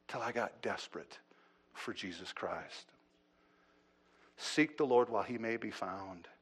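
A man preaching a sermon. His delivery swings between loud, urgent pleading and low, hushed asides, and he often repeats words as he restarts a thought. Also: husky. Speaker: pastor.

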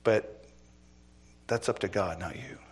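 A middle-aged man preaching a sermon, telling a police story with dramatic swings from loud to hushed. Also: sits low, slow, slightly rough. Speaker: preacher, former police officer.

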